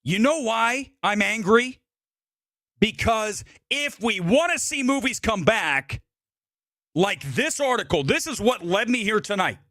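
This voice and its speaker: A man's voice: high-pitched, lively intonation, a little slow, pushed and bright, no echo, studio quality. A man hosting a live movie show, delivering an angry, profanity-laced rant at a producer. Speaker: movie podcast host. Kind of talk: live-streamed film rant.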